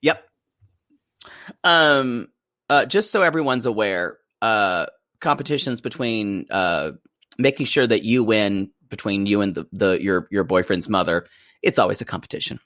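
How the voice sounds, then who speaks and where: On a podcast, a male co-host recaps a reality show in a playful, gossipy chat, laughing often. His voice is lowish, expressive and slightly bright, delivered a little slowly, with a dry, clean studio sound.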